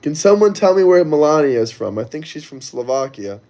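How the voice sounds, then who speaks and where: A man with a high-pitched voice hosts a casual livestream. He talks loosely and crudely, speaking directly to the people in his chat and reading their messages out. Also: very animated, brisk, mellow.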